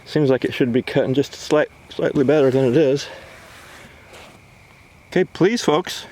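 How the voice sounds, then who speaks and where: A man's voice: medium pitch, unhurried, pauses often, a little mellow. A man hosting a casual outdoor video, chatting to viewers in a folksy way as he works. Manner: chatty, folksy, talks to viewers while working. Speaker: video host. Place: outdoors at a log-milling site.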